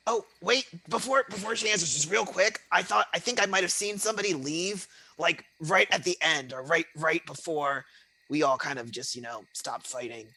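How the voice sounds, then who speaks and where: Man, tabletop player, high bright voice, giggly, hesitant, casual chat. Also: moderate pace, gravelly, breathy edge, poor audio.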